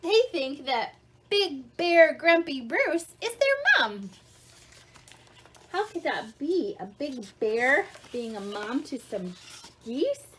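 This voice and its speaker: Lady doing a kids story read-along, slow and unhurried, high voice, asks lots of questions. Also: background noise. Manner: animated, asks children questions; explains words simply. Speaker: children's story reader.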